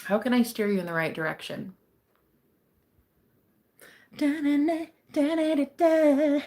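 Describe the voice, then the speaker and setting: A woman's voice: on the low side, quick pace, gravelly. A young woman hosting a casual livestream as a psychic reader. She chats with viewers, laughs often and swears casually.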